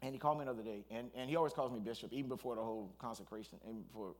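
A man, a pastor, preaching a sermon in an animated storytelling way, with asides and restarts. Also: medium pitch, very fast.

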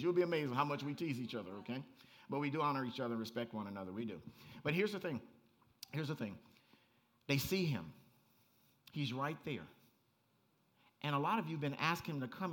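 A man preaching a sermon as pastor, animated and conversational, rising to near-shouts and breaking into laughing asides. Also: fairly high pitch.

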